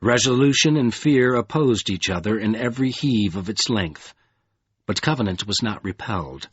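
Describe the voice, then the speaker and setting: A man narrating a fantasy audiobook in an expressive, dramatic reading. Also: fairly low pitch, moderate pace, slightly rough, dry recording, muffled recording.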